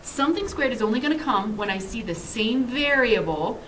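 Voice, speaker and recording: A woman's voice: a little high, animated, moderate pace, fairly bright tone. A woman math teacher co-teaching a recorded lesson in a playful, upbeat way, joking about the math. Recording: distant mic with faint noise.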